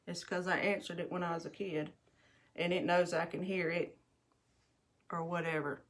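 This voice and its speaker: Middle-aged woman, livestream host; low-ish, chatty, rambling storyteller doing makeup on a phone. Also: little pitch movement, moderate pace. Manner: chatty, rambling, addresses viewers as y'all. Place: bathroom at home.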